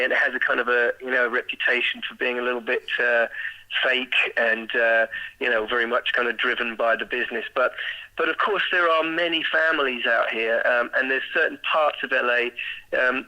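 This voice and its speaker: English male guest, 40s, sharp bright tone, relaxed filler-heavy interview chat. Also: mid-range voice, rough recording. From England. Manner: chatty and self-deprecating, with many fillers and quick laughs.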